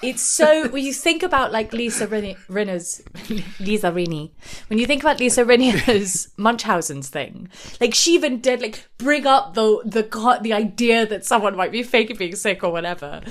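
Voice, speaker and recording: A young woman co-hosting a podcast in casual chat, talking in an animated, gossipy way with frequent laughs and fillers. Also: fairly high pitch, normal speed. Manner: chatty, animated, laughs often, many fillers. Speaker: podcast co-host.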